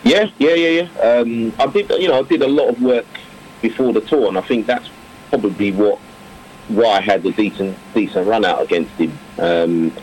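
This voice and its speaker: Deep-voiced man rambling through interview answers. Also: normal speed, a little hiss or hum, poor audio. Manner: rambling, many fillers and restarts, warm laughter. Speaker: professional cricketer, now coach.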